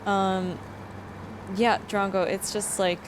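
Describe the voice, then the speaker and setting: A young woman chats on a live stream, gushing and emotional, laughing between near-tears as she thanks her viewers. Her voice sits at a middle pitch. Faint engine sounds from a game hum behind her. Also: flat delivery, slow. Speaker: livestreamer. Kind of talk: casual livestream chat reading to viewers.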